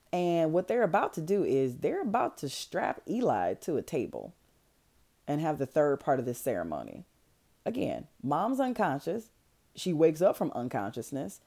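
Animated woman recapping a movie. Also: low voice. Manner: animated, slangy and comedic, voicing characters in asides. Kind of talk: casual movie recap with acted quotes.

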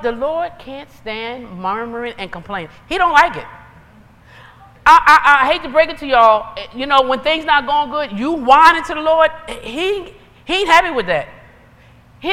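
A woman preaching a sermon in a lively, conversational way, building into urgent exhortations. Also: a little high. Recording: long reverb of a large hall.

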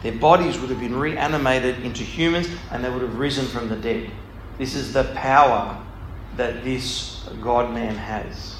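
This Bible study speaker, a man with a medium-pitched voice, talks at a normal pace with hardly any pauses. He reads scripture aloud and explains it in a digressive, thinking-aloud style. The recording has room echo and faint background noise.

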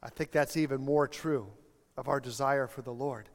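Impassioned pastor preaching in a hall. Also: male voice, medium pitch, fairly even intonation, moderate pace. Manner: storytelling, building to impassioned appeals. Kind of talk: sermon. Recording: long hall reverb, faint music.

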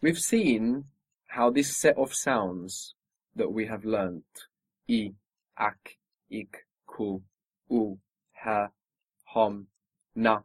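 A man's voice: lowish voice, drawn-out words, pauses often, dry recording. A man teaching a spoken language lesson, patiently modelling pronunciation and encouraging his student.

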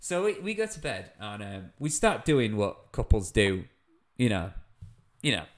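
Animated British man telling a story. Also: lowish voice, measured pace. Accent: British English. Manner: animated anecdote-telling with laughs. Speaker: comedian guest. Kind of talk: casual storytelling chat.

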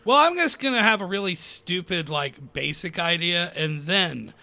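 A man's voice: high-pitched, lively intonation, normal speed, creaky, pushed and bright. A man co-hosting a casual podcast chat with a dry, sarcastic delivery. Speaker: podcast co-host.

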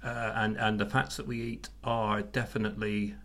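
A man's voice: on the low side, level tone, normal speed, fairly bright tone. A middle-aged man co-hosting a podcast, chatting casually with frequent restarts. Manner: chatty, hesitant with many restarts. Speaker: podcast co-host. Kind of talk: casual chat.

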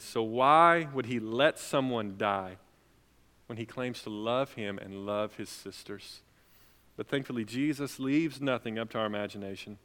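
A young adult man preaching a sermon as pastor, swinging between loud, emphatic lines and soft, quiet ones. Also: on the low side, moderate pace. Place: church sanctuary. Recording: long reverb of a large hall.

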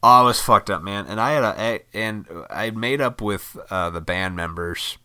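A man with a deep voice that has a bright, edgy ring to it. He rambles loosely through a personal story, swearing freely and laughing at his own tale. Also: normal speed, clear, resonant tone. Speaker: musician telling a personal story. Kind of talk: casual storytelling to camera.

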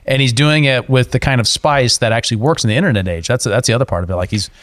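A man's voice: mid-range voice, quick pace, no room sound. Emphatic male podcast co-host. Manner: animated, emphatic. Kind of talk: casual podcast discussion.

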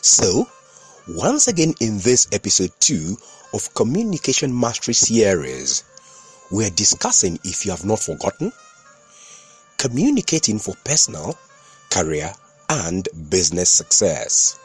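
A man narrates his podcast in an instructive, storytelling way. His slightly husky voice moves up and down a great deal in pitch, with faint music underneath. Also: very animated, measured pace. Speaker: podcast host and communication consultant.

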